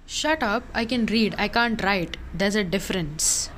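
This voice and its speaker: A woman's voice: medium pitch, measured pace, fairly bright tone, faint music behind. A young woman co-hosting a casual podcast, bluntly reading out her sarcastic reactions. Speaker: podcast co-host.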